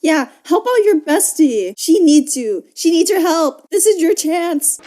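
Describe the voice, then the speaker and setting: Chatty high-voiced young woman reacting. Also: expressive, measured pace, dark tone. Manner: chatty, laughs often, swears, talks to the characters. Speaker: reaction video host. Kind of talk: casual movie reaction commentary.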